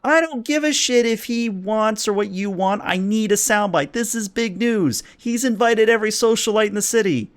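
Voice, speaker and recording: A man's voice: mid-range voice, fairly even intonation, normal speed, few pauses, fairly bright tone, clear, resonant tone, no echo, lightly acted. A man voicing an irritated woman reporter who talks in curt, exasperated bursts. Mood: angry.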